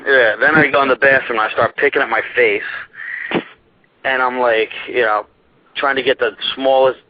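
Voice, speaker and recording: This is casual storytelling from a young man whose mid-range voice keeps a fairly even intonation at a normal speed. He laughs his way through a rambling, profane tale about being a talk show guest, over muffled, dry internet radio with slight hiss or hum.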